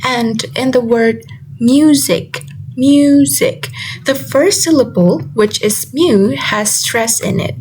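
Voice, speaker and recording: A young woman whose first language is Indonesian gives a class presentation, carefully repeating example words slowly. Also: on the high side, slight background noise, poor audio. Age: young adult. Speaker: student presenter. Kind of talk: class presentation on word stress.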